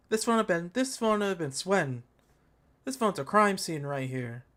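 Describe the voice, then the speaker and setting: A man's voice: high-pitched, animated, moderate pace, fairly bright tone. A man hosting a tech channel, giving live commentary on a product event in a casual, slangy, joking rant and talking to his chat. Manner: ranting, joking, exaggerated mockery.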